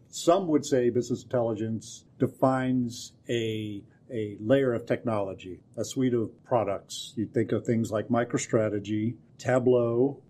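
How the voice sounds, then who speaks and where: A man in his forties co-hosting a podcast, with deadpan humor, giving long explanations in casual chat. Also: medium pitch. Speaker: co-host and technology partner.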